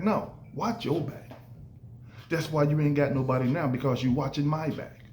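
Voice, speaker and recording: Guy with doing a podcast rant, super animated, roomy echo. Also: on the high side, moderate pace, slight background noise. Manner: animated, acts out quoted voices. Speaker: podcast host. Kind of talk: casual podcast monologue. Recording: echoey room with faint ambience.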